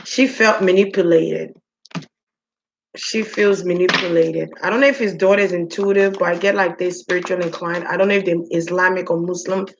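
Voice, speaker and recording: A woman's voice: on the low side, fairly even intonation, creaky, lo-fi sound, a little hiss or hum. A woman giving a casual spoken spiritual reading. She muses aloud, drawing out her words and talking straight to the spirits. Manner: musing, drawn-out, talks to the spirits directly. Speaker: spiritual reader.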